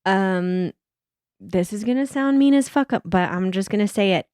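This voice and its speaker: A woman's voice: mid-range voice, moderate pace, dry recording. Giggly woman podcast co-host, dry sound. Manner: giggly, animated, swears casually. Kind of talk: casual chat.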